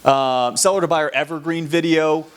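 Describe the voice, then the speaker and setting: A man's voice: on the high side, normal speed, smooth. A man with a Southern American accent giving plain, practical tips on selling homes. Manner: plain, steady, practical, a few restarts. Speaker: real estate agent co-presenter. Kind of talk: instructional talk.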